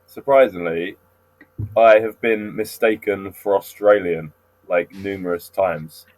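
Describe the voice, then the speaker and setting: A man's voice: sits low, measured pace, darkish tone, dry recording, low-quality recording. A man co-hosting a casual podcast, teasing his friend and laughing often. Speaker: podcast co-host.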